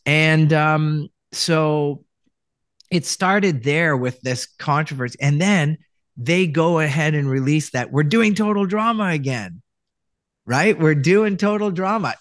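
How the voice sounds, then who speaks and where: A man's voice: on the high side, slow pace, a bit bright, dry recording. Canadian man telling his story, dry room. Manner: rambling, many restarts, acts out quoted lines. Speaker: voice actor guest. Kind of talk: casual interview storytelling.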